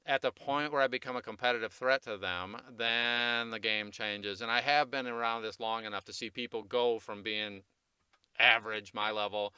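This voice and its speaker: Casting note: man, voice coach, bright and crisp, loose rambling talker who laughs at himself, dry close mic. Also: fairly low pitch, steady tone, dry recording. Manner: rambling, self-deprecating, quick to laugh. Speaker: voice recording coach, guest. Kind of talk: casual podcast conversation.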